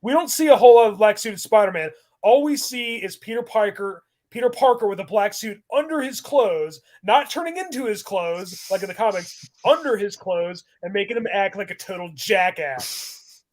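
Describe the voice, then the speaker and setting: A high-pitched man talks in a loose, rambling way on a casual podcast. He gets animated, breaks into laughter often, and piles up restarts as he rants about scenes he dislikes. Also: normal speed. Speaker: podcast host.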